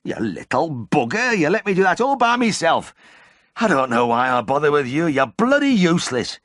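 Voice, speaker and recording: A man's voice: a bass voice, lively intonation, a little slow, no room sound, studio quality, pitched below the performer's own voice, heavily acted. A man voicing a bad-tempered old male farmer, blunt and swearing, in an audiobook. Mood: furious. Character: sour, grumbling old male Yorkshire farmer.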